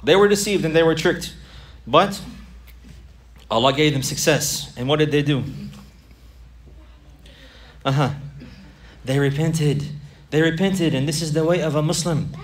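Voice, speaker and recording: A male preacher delivering a sermon with earnest, emphatic repetition. His voice sits a little high for a man and sounds somewhat far from the mic. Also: a little slow, pauses often.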